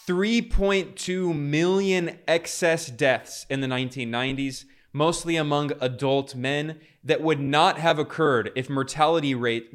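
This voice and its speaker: A man's voice: mid-range voice, clear, resonant tone. A man giving fervent political commentary, talking through clips with frequent restarts. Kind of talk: casual commentary over clips.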